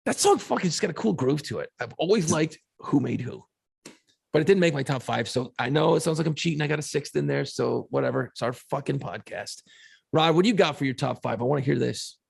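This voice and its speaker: Gravelly, animated man telling stories. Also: fairly high pitch, a little fast. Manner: profane, animated storyteller. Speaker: podcast co-host. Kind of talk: casual chat.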